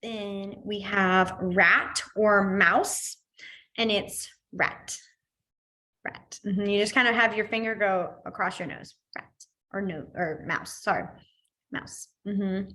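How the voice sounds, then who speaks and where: Bright, chatty young woman teacher. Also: medium pitch, takes it slowly. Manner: chatty, rambling with many fillers, laughs easily. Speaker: sign language teacher. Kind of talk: online class instruction.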